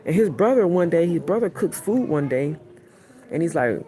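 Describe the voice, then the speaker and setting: A man with a warm, expressive, somewhat high voice speaks at a normal speed. He calls himself a high priest and preaches online in a rambling live stream from an airplane cabin. He repeats himself a lot, often asking "you see what I'm saying" to check that listeners follow.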